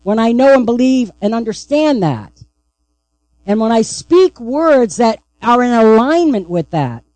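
High-voiced woman pastor preaching. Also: expressive, a little slow, mellow, no echo, rough recording. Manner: emphatic, keeps asking the congregation "right?". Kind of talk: sermon.

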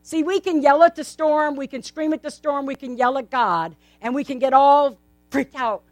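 A woman's voice: high-pitched, normal speed, no room sound. A woman preaching a sermon in a casual, conversational way, often asking her congregation rhetorical questions. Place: in front of a gathered congregation.

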